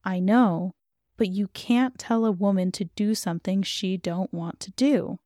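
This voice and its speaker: A woman's voice: mid-range voice, steady tone, measured pace, mellow, no room sound, clean studio sound, close to an everyday voice. A woman voicing a proper, guarded churchgoing mother who speaks in a curt, restrained way.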